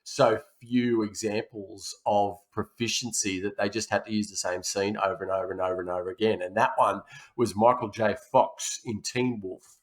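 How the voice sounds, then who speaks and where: A man's voice: fairly low pitch, steady tone, moderate pace. A man co-hosting a film podcast, chatting casually in rambling, self-correcting banter. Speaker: podcast co-host. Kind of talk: casual chat.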